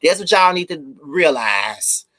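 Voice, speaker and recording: A man's voice: a little high, very animated, a little slow, bright, forceful tone. Fired-up man ranting straight at viewers. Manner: emphatic, repetitive, talks straight to viewers; blunt, swears freely. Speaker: video host and reviewer. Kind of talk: live review rant.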